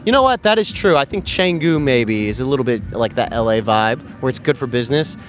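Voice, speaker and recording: A man's voice: medium pitch, lively intonation, a little fast, slight background noise. Rambling, profane American man. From United States. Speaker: dating coach vlogger. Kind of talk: casual chat.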